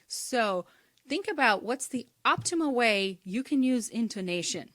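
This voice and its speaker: A woman giving an instructional talk on speaking skills in a clear, measured way, sometimes demonstrating intonation. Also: on the high side, very animated, a bit bright, no room sound, clean studio sound. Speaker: teacher.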